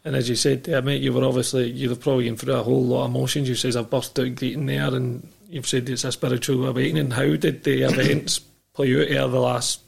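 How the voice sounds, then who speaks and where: A man hosts a laid-back interview. His voice is heavily gravelly and husky, with a middling pitch. He asks his questions in an easygoing, supportive way. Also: flat delivery, fast. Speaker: podcast host. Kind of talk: casual interview.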